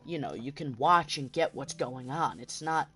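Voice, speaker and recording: A man's voice: mid-range voice, animated, moderate pace, fairly bright tone, faint music behind. A man hosting a gaming channel, talking in a casual rambling monologue while he plays, passionate and often restarting his sentences.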